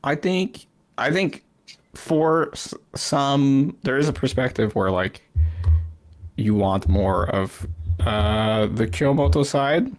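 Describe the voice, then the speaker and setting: A man's voice: mid-range voice, expressive, slow. A man hosting a podcast, chatting casually in a rambling way, laughing often and swearing freely. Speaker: podcast host. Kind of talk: casual chat.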